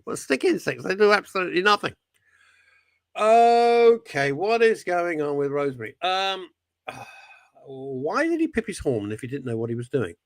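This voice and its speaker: Animated man, gravelly radio host. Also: on the high side, measured pace, pauses often, no echo. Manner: rambling, jokey, animated. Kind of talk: talk radio monologue. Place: radio studio.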